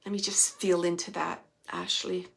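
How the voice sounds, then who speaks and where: A woman hosting a live psychic reading, relaying messages to a sitter in a searching, hesitant way with many fillers and soft, near-whispered asides. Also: on the low side, little pitch movement, normal speed, vocal fry. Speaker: psychic medium host.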